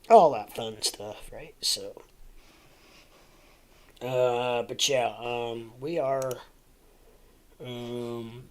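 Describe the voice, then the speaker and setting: A man's voice: medium pitch, fairly even intonation, drawn-out words, long pauses, low-quality recording. A man hosting a casual crypto livestream, rambling through market talk with lots of fillers, restarts and jokey asides.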